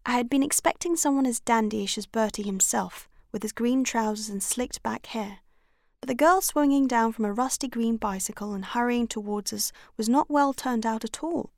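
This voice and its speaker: A woman narrating a story, first-person audiobook reading with expressive delivery. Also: a little high, moderate pace, no echo, studio quality. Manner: expressive, voices each character. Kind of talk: scripted narration.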